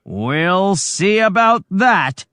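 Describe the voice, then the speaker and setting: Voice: medium pitch, animated, very slow, fairly bright tone, dry recording, studio quality, pitched above the performer's own voice. A storybook reader voicing a big, mean male billy goat who talks back firmly. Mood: defiant. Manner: firm, defiant.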